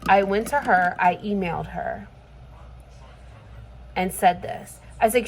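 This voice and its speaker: A woman's voice: medium pitch, animated, normal speed, a bit bright, slight background noise, low-quality recording. A woman vlogging casually in her kitchen, venting with frustration and swearing freely. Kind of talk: casual chat. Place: home kitchen.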